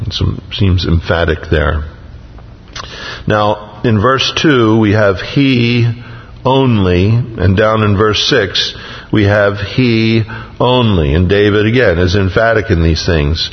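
A pastor with a lowish voice preaches a sermon, slowly reading scripture aloud with rising emphasis and adding folksy asides between verses. The audio sounds dull, with a big-room quality.

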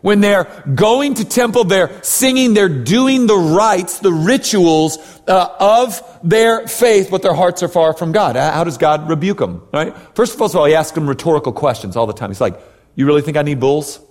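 A man's voice: high-pitched, animated, moderate pace, few pauses. Man preaching in an echoing hall. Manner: conversational preaching with frequent tag questions and restarts. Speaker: pastor. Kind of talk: sermon. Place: church hall. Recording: reverberant hall.

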